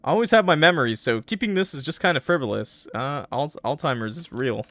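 A man's voice: fairly high pitch, expressive, fairly quick, sharp tone. A man streaming a game, chatting casually with his viewers and laughing often. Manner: laughs often, joking with chat. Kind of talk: casual gameplay commentary.

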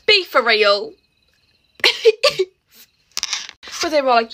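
A woman's voice: high voice, very animated, very slow, long pauses, bright, forceful tone. A teenage girl chatting while getting ready for school, dramatic and exasperated, laughing often. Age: teens. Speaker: vlogger. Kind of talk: get-ready-with-me vlog.

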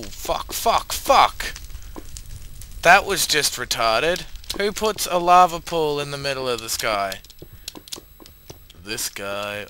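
A tipsy Australian man talking through a game at an unhurried pace. His voice is sharp and edgy, and he curses loudly whenever a jump goes wrong. There is a faint hiss under the recording. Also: medium pitch, gravelly. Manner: swears a lot, shouts and curses at his own failed jumps. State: tipsy, a bit drunk. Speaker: gamer playing a parkour map. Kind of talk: casual gameplay commentary.

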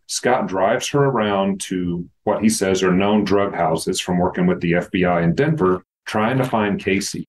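A man's voice: low voice, poor audio. A man, a retired FBI agent, recounting a criminal case in storytelling fashion on a podcast, acting out the quoted dialogue.

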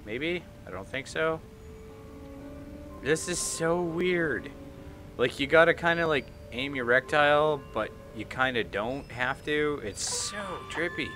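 A man playing a video game, chatting excitedly and reading the on-screen text aloud. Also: fairly high pitch, a little slow. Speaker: gaming YouTuber. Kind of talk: let's play commentary. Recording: light game music behind.

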